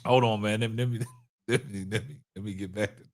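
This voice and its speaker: A man's voice: on the low side, steady tone, fast. A man hosting a live stream, laughing hard and whooping between casual remarks to his chat. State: laughing to tears. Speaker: livestream host.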